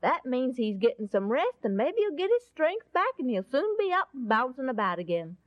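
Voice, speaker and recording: A woman's voice: sits high, big pitch swings, normal speed, no echo. A woman doing naive, cheerful disciples. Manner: cheerful, unconcerned. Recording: dull lo-fi recording.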